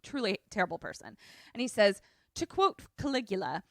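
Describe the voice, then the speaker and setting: A woman's voice: mid-range voice, fairly quick, vocal fry, dry recording, studio quality. A woman podcast co-host recapping a movie in casual chat, swearing freely and acting out the characters' lines. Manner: animated storytelling, swears freely, acts out quotes.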